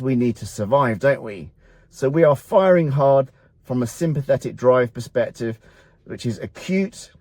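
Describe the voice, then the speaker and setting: A middle-aged doctor from a men's health clinic gives a blunt, motivational health talk to camera, posing rhetorical questions and then answering them. His voice is medium-pitched and warm, and the recording is dry.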